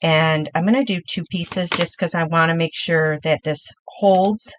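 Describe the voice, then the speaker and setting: A woman's voice: deep voice, unhurried, noisy background. A middle-aged woman hosting a live crafting demo, chatty and upbeat, talking through each step while she works.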